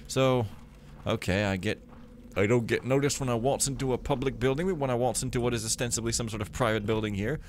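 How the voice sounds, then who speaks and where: A young man giving casual gameplay commentary, full of sarcastic, rambling, deadpan jokes. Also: medium pitch, fairly quick, slight background noise. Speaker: let's play gamer.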